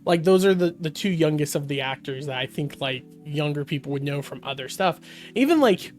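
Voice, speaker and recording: A man's voice: on the high side, lively intonation, brisk, soft background music. A man co-hosting a podcast, chatting casually and rambling with many fillers and restarts. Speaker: podcast co-host. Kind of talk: casual chat.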